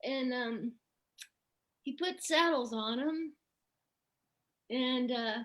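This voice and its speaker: A woman's voice: high-pitched, very slow, a bit bright. A woman guest on a podcast, eagerly jumping in to tell a story. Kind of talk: casual chat.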